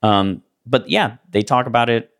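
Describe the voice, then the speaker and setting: A man's voice: medium pitch, normal speed, vocal fry, fairly bright tone. A man co-hosting a podcast in casual, rambling chat, loose and full of fillers. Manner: laid-back, rambling with many fillers and laughs. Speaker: podcast co-host.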